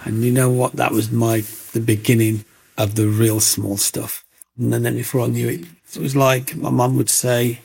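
An English man with a gravelly, medium-pitched voice speaks at normal speed while sharing his life story in an interview, vividly acting out what other people said.

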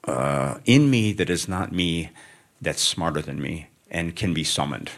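Speaking in a deep, unhurried voice, a middle-aged man who writes books gives an onstage interview before an audience of students. His answers wander, reflective and self-mocking.

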